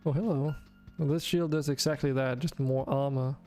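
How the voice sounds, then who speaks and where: A man's voice: medium pitch, fairly even intonation, moderate pace, mellow, faint music behind. A man casually talking through his gameplay on a stream, rambling, drowsy and self-correcting as he goes. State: yawning, sleepy.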